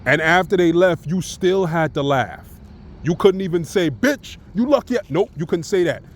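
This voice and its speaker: A Brooklyn, New York vlogger rants at normal speed in a fairly high voice, taunting and roasting his target with plenty of profanity. His vlog-style delivery is loose and repetitive, packed with "you know what I'm saying."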